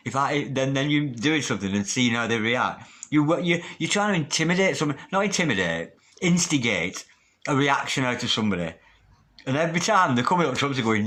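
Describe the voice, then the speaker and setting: A man's voice: medium pitch, expressive, fairly quick, fairly bright tone. Chatty man giving a tarot reading. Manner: chatty and emphatic, swears casually. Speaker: tarot reader.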